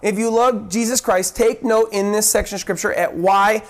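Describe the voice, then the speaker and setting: A man's voice: fairly even intonation, normal speed. A man preaching a sermon and teaching from the Bible, earnest, stumbling and repeating words as he acts out the voices in the story. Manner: earnest, acts out quoted voices with sharp pitch drops and rises; repeats words, restarts phrases.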